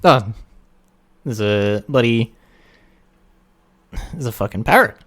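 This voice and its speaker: A man co-hosting a podcast, telling jokes in casual chat, animated and swearing. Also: medium pitch, slow. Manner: animated storyteller, swearing, laughs at his own jokes. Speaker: podcast co-host.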